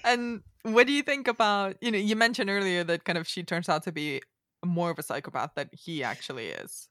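A woman's voice: on the low side, brisk, a bit bright, no room sound. Laughing woman podcast host, dry sound. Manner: laughs often, asks questions. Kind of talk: casual podcast chat.

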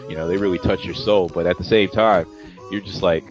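A man's voice: sits low, fairly even intonation, a little fast, faint music behind. A man giving a rambling, casual interview answer.

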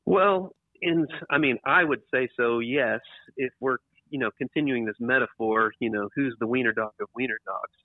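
A man with a mid-range voice, speaking at normal speed, is casually interviewed about his book. He rambles, restarting sentences and repeating points for emphasis. His computer microphone gives a tinny, phone-like, dry sound with no echo.

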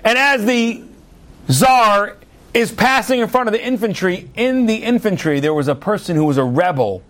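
A middle-aged man giving a sermon, telling stories with acted-out quotes in an animated way. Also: sits high, normal speed.

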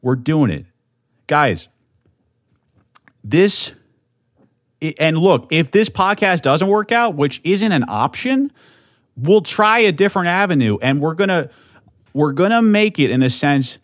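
Young guy ranting into a desk mic, super animated pitch, dry close sound, swears a lot and keeps restarting. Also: a little slow, long pauses, no echo. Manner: amped, swearing, rambling with restarts. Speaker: podcast host. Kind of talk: solo podcast monologue.

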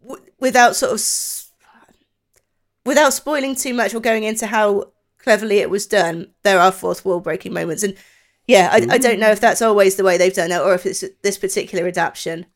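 Chatty woman on a podcast. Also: medium pitch. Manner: chatty, hesitant restarts. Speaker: podcast co-host. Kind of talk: casual chat.

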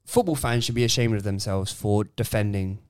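A man, giving earnest opinions on a casual football podcast, often starting with halting stammers. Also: fairly low pitch, clear, resonant tone. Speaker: podcast co-host.

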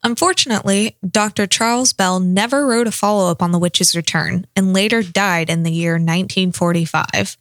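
A woman's voice: medium pitch, moderate pace, hardly any pauses, no room sound. A woman co-hosting a podcast, speaking in a dry, matter-of-fact way. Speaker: podcast co-host. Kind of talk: casual chat, reading research notes.

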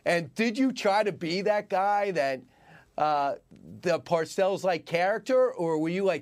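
A man's voice: sits high, lively intonation, measured pace. A man hosting an interview, asking pointed, joking questions. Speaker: interview host. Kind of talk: casual interview.

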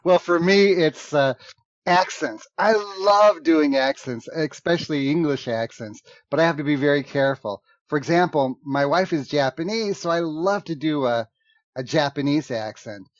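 A man who performs improv, chatting casually, animated and laughing often, restarting his sentences. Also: a little high, normal speed, no echo. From United States. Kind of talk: casual conversation. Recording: dull, dry lo-fi sound.

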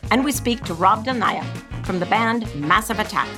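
A woman hosting a podcast in casual chat, welcoming guests with a lively, warm delivery. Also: mid-range voice, moderate pace, music in the background. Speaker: podcast host.

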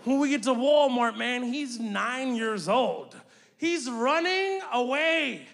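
A man performing a stand-up comedy set, telling animated family stories and acting out his relatives' voices. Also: extremely high pitch, takes it slowly, creaky. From United States, Houston. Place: large theater stage with live audience. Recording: stage mic with loud crowd and room noise.

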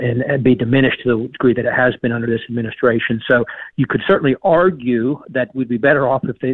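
A man calling in as a congressman guest, talking in measured political talking points with some fillers. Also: medium pitch, dry recording. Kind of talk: phone-in interview. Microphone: phone. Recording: tinny phone line.

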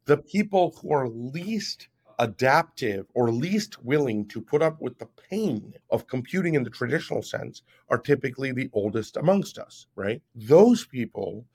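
A man's voice: medium pitch, sing-song, moderate pace, hardly any pauses, a little mellow, breathy edge. A man in his fifties, a guest on an interview show, explaining at length in an emphatic way and often checking in with "right?". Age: 50s. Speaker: guest, app founder. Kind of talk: podcast interview.

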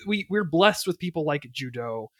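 A man's voice: fairly high pitch, lively intonation, normal speed, dry recording. Jokey, swearing man on a dry podcast mic. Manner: emphatic, swears freely, jokey. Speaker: podcast co-host. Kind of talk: casual chat.

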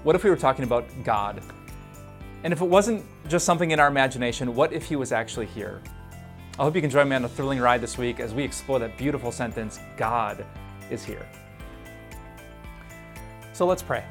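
A man giving a devotional sermon with prayers, earnest and animated, with playful asides. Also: medium pitch, fairly quick, pauses often, faint music behind. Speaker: preacher.

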